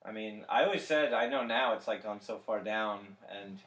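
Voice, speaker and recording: Animated young man in an echoey room. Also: fairly low pitch, normal speed. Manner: animated, swears, jumps in excitedly. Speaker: podcast co-host. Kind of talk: casual wrestling chat.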